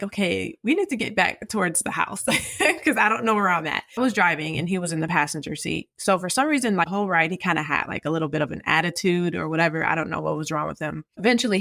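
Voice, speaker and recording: A woman's voice: fairly low pitch, quick pace, gravelly, a bit bright, dry recording, clean studio sound. A woman in her thirties, a podcast guest, telling a personal story in a candid, conversational way. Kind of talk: personal story in casual chat.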